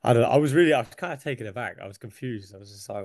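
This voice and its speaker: A young English UFC fighter chats casually as an interview guest, relaxed, swearing freely and laughing between thoughts. His medium-pitched voice races along. The clean studio recording has no echo.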